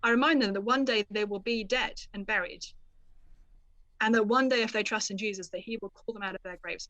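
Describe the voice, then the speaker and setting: Female author guest, mid-pitched, expressive teller of scripture, dry close sound. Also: brisk, no room sound. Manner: animated storyteller, quotes scripture expressively. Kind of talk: conversational Bible teaching.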